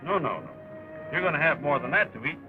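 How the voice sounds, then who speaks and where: An actor in a 1930 film playing a brash young soldier on leave, speaking in a breezy, teasing way with hesitant filler sounds. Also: male voice, on the high side, lively intonation, fast, music in the background, natural voice. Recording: muffled early sound-film audio.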